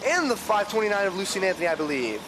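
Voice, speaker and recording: High-pitched man calling race lineups. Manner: rapid lineup roll call, then excited calls. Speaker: race commentator. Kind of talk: live play-by-play commentary. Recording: noisy trackside broadcast with engine noise.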